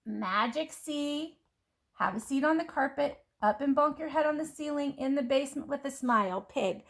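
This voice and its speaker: A woman teaching kindergarten children phonics, sounding out letters and words slowly and clearly in a patient, encouraging way. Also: sits high. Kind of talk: phonics lesson for young children.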